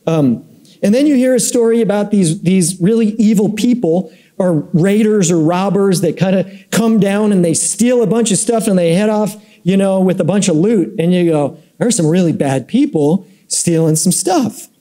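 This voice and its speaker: A man with a high, mellow voice leads a church Bible class in front of a live group. He talks loosely and conversationally, telling stories and kidding with his listeners. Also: moderate pace. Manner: conversational, storytelling, joking with the class. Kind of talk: casual Bible class lecture.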